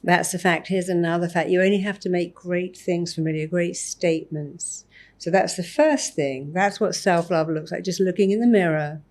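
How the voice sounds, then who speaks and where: Appearing as a guest in an interview, a therapist with a somewhat low voice speaks emphatically at normal speed. She acts out short example lines while explaining, sounding animated and sure of herself.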